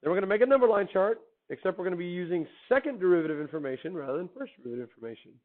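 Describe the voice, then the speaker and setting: A male teacher lectures a classroom in an upbeat, chatty way, stopping often to quiz his students. His voice sits a little high. The recording is narrow and tinny, like a phone line. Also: lively intonation, rapid-fire. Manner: upbeat, quizzing students with questions. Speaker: math teacher.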